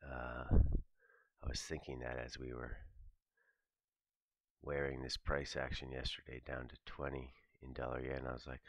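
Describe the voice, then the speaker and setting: A man's voice: completely flat delivery, a little slow, dry recording. A man giving a casual, profane morning talk on trading, thinking aloud as he walks through his trades. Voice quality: gravelly, very low voice. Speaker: trading commentator. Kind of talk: morning market commentary.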